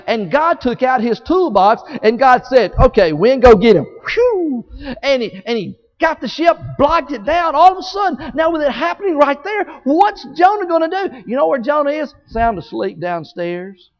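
A man preaching a sermon as a story, animated and folksy, acting out scenes with sound effects. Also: extremely high pitch, normal speed, hardly any pauses. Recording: echoey hall, dull sound.

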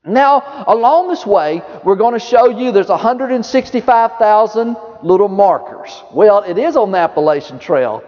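Male preacher, high and very animated, echoing dull hall recording. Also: moderate pace, few pauses. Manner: lively preaching, drops low and soft for quoted words of Jesus. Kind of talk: sermon. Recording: dull reverberant hall sound.

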